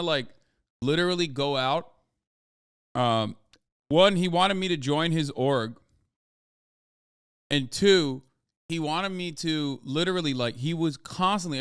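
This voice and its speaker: A man hosts a livestream with a fairly high voice that comes through clear and smooth. He reacts to clips in a blunt, heated way, swearing freely. The sound is dry and close, with no room echo. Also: a bit bright. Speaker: livestream host. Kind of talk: casual livestream commentary.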